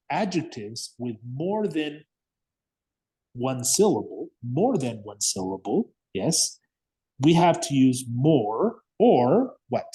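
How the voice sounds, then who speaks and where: A man's voice: medium pitch, dark tone, husky. A man teaching an English grammar lesson, patiently repeating words and checking understanding with frequent "okay?" and "yes?".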